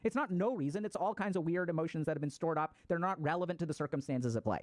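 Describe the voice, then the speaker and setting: A man gives a casual, explanatory talk about mental health, cursing freely and acting out how people react. His voice is a little high and fast, and the recording is dry.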